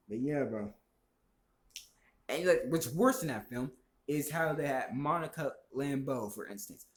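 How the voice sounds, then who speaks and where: A man's voice: mid-range voice, expressive, a little slow, pauses often. A man ranting casually about movies, heated and profane, rambling from point to point. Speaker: vlogger. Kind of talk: casual opinion rant. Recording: echoey room.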